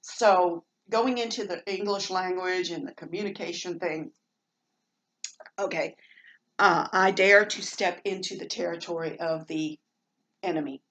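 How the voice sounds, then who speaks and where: A woman's voice: on the low side, unhurried, fairly bright tone, lo-fi sound. A middle-aged woman with a Southern American accent, chatting at length in a meandering home vlog with lots of fillers and restarts. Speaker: vlogger. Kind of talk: rambling casual monologue.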